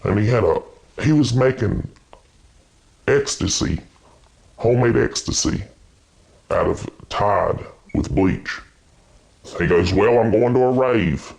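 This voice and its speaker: A man playing an awkward adult twin brother in a mock documentary, his voice disguised and lowered, acting out quotes as he tells a story. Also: expressive, takes it slowly, vocal fry, long pauses, a little mellow, exaggerated voice, poor audio. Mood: deadpan.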